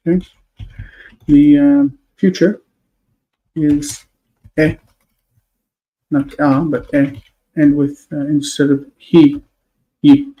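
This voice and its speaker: A man's voice: a little high, warm tone, lo-fi sound. A man on a live stream, explaining word forms step by step, thinking aloud with many fillers. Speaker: Hebrew teacher.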